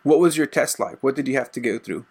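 A man's voice: medium pitch, quick pace, a little mellow. A man hosting a martial arts podcast, asking rambling questions in a casual interview. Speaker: podcast host.

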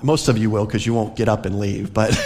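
A man's voice: lowish voice, big pitch swings, normal speed, darkish tone, big-room sound. A man preaching a sermon as pastor, from the American South, speaking earnestly and conversationally with light laughs. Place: church sanctuary.

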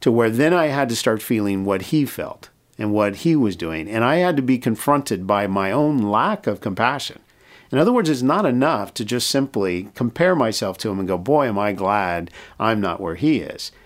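A man's voice: mid-range voice, very animated, normal speed. A middle-aged American man, a mission leader, telling a personal story in an interview and acting out the dialogue. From United States. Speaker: mission president, guest.

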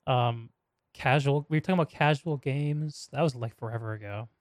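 A man with a mid-range voice co-hosts a casual podcast chat. He talks in a relaxed, thoughtful way, and the recording is dry and close. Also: medium pitch, normal speed, no echo. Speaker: podcast co-host.

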